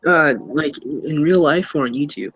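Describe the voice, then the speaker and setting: A man's voice: on the high side, normal speed, fairly bright tone, husky, low-quality recording. A young man answering interview questions casually, rambling with many fillers and restarts. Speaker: YouTuber being interviewed.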